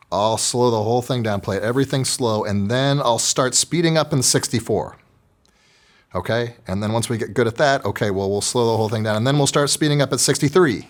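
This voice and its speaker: A man explains orchestra rehearsal tricks in a relaxed, folksy way. His voice sits fairly low and he slips in joking asides as he talks. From Texas. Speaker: orchestra teacher. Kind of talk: instructional video talk.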